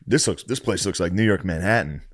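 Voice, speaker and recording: A man's voice: deep voice, brisk, no room sound, clean studio sound. A man, co-hosting a podcast in casual chat, telling stories with frequent laughs and swearing. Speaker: podcast co-host.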